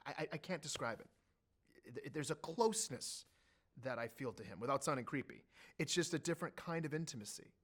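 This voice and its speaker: A middle-aged man telling animated stories as an interview guest, his pitch and loudness jumping suddenly. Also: fairly quick, slightly rough. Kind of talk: storytelling in an interview.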